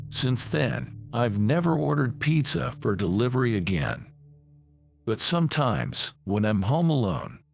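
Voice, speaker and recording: A man reading a first-person horror story as scripted narration, with lively, dramatic delivery. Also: mid-range voice, creaky.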